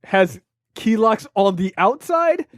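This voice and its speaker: A podcast host, a man with a noticeably high voice, chats in a loose, profane way, full of "like" and "um". He's close on a dry mic, with no room around him. His storytelling is animated and casual. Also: slow, no room sound. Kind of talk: casual chat.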